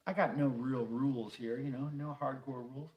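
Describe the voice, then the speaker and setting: Here a middle-aged man runs a relaxed livestream chat, working through viewer comments with frequent fillers and the odd swear word. His medium-pitched voice stays steady at a normal speed, and the audio is lo-fi.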